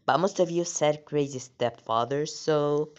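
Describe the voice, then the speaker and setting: A woman's voice: deep voice, unhurried. A woman hosting her channel, chatting casually and reacting as she reads text stories. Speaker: channel host. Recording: dull lo-fi audio.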